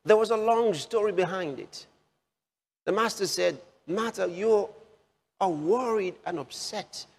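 A man delivers a sermon in a fairly high voice, putting questions straight to his listeners. He repeats key phrases again and again for emphasis. His voice carries a long reverb tail. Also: a little slow, creaky, breathy edge. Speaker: preacher.

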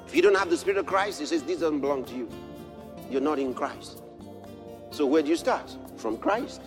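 Lively high-pitched male preacher. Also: normal speed, over music. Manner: builds from quiet storytelling to shouted exclamations. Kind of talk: sermon.

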